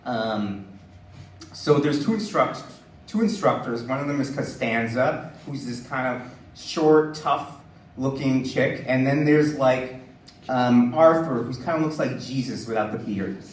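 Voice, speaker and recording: A man's voice: medium pitch, a little slow, a little hiss or hum. Man, 40s, live storyteller: chatty, laughing, heavy on fillers. Distant mic, faint room ambience. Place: live stage before an audience. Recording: roomy distant live-stage recording.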